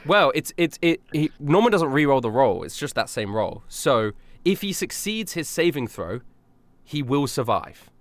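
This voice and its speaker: A man's voice: medium pitch, sing-song, moderate pace, no room sound. A man running a tabletop game as game master over an online call, narrating in a playful way and laughing often. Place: home, remote online call.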